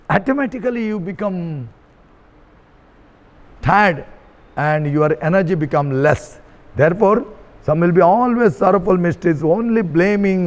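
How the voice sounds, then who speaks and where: A Catholic priest preaches a sermon in a high male voice. He is earnest and repeats his key phrases for emphasis. His words ring out with a long reverb in a large hall.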